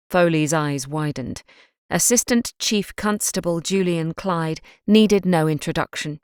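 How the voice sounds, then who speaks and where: Woman, audiobook narrator, scripted narration, measured, low pitch, dry close sound. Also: smooth, no echo.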